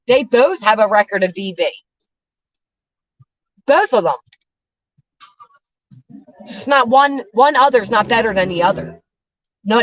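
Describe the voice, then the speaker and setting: A woman's voice: on the high side, no room sound, highs cut off. Profane, ranting woman commentator. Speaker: commentary channel host. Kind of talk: angry drama commentary.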